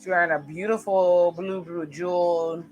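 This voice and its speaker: A woman's voice: lowish voice, fairly even intonation, normal speed, a little mellow, muffled recording, faint music behind. A woman giving chatty, casual reaction commentary on a TV episode as she watches it. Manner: chatty, reacts aloud while narrating scenes. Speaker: reaction video host.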